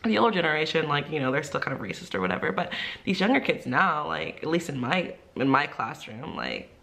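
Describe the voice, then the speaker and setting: Young woman, casual vlog storyteller, low-set but very lively voice. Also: fairly quick. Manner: animated storyteller, many "like" fillers, acts out quotes. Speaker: ESL teacher and vlogger.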